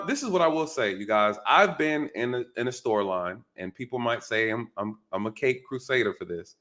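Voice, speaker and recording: A man's voice: mid-range voice, pushed and bright. A man commenting on a news clip for his viewers, talking casually and emphatically, often asking rhetorical questions and checking in with "right?".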